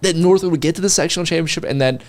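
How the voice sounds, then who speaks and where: A man's voice: on the high side, racing. A man co-hosting a local sports show, easygoing and a little hesitant, often restarting his sentences. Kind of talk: casual sports talk.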